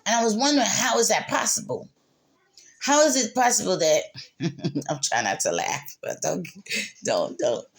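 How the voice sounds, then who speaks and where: A woman's voice: mid-range voice, sing-song, normal speed, pauses often. Emotional woman sharing her faith story. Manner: emotional, repetitive, laughs through tears; spiritual, speaks of God and faith. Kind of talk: candid personal monologue.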